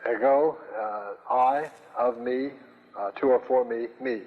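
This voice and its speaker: An older man teaching a Greek class, speaking slowly with many fillers and restarts. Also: medium pitch. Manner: slow, hesitant, many fillers. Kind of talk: classroom lecture. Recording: dull, roomy lecture recording.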